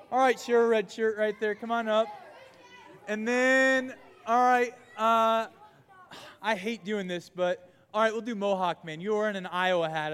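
Youth pastor, male, high and bright, animated crowd-work, reverberant hall. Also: smooth. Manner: playful, animated, calling out to a crowd. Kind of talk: energetic youth group lesson with audience game.

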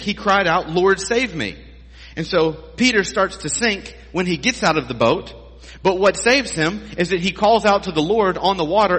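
A man's voice: fairly high pitch, fairly bright tone, breathy edge, long reverb tail. A male pastor preaching a sermon in a conversational, emphatic way, asking his listeners rhetorical questions.

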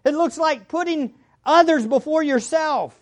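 A woman preaching a sermon, speaking to her listeners directly, repeating key phrases and swinging between loud and hushed. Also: sits high, measured pace. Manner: addresses the congregation directly.

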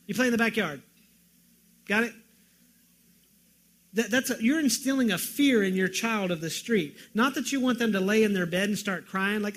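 Impassioned high-voiced male pastor. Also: normal speed. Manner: impassioned, swings from loud pleading to quiet emphasis. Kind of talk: sermon.

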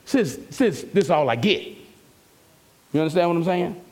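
Husky, lively preacher man. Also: on the high side, moderate pace. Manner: emphatic, conversational preaching with call-outs to the congregation. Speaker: pastor. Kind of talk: sermon.

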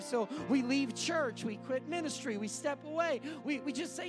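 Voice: high-pitched, normal speed, hardly any pauses, over music. A pastor preaching an impassioned sermon to a congregation watching online, building intensity through repetition.

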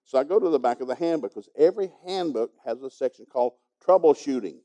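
Fast-talking man with a very dark voice. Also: medium pitch, expressive, highs cut off. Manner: folksy storytelling, chuckling as he goes. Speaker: pastor teaching a congregation. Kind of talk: sermon with a personal story.

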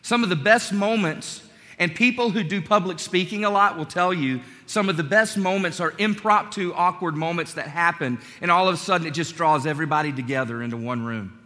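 Male pastor, sermon delivery, conversational and story-driven; bright tone, long reverb of a sanctuary. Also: fairly high pitch, fairly quick. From North Carolina. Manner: conversational, storytelling, animated asides.

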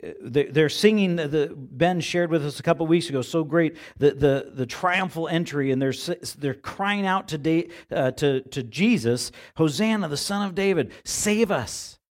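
A man's voice: on the high side, normal speed, hardly any pauses. A man preaching a sermon as pastor in a church, talking in a conversational way and often repeating words as he searches for phrasing. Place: church sanctuary.

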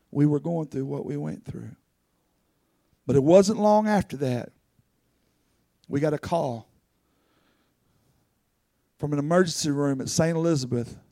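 A man's voice: a little high, gravelly, mellow, no echo, clean studio sound. A man preaching a sermon as pastor, telling personal stories earnestly and rising into fervent pleading.

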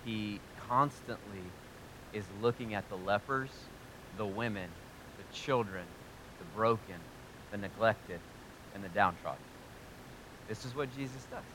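A man preaching a sermon to a live congregation, energetic and joking, asking them questions directly. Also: lowish voice, unhurried, pauses often, noisy background. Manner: energetic, joking and talking straight to the audience. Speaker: pastor.

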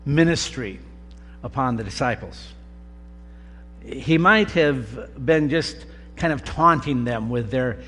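A man preaching a sermon, with slow, deliberate delivery and emphatic pauses. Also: medium pitch, a bit bright. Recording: long reverb of a large hall, faint hum.

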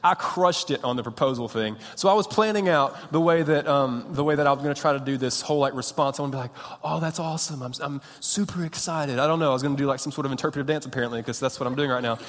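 A man in his thirties preaching a sermon, telling stories in an animated, self-mocking, punchy way. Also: medium pitch, racing, hardly any pauses. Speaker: pastor. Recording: hall with long reverb.

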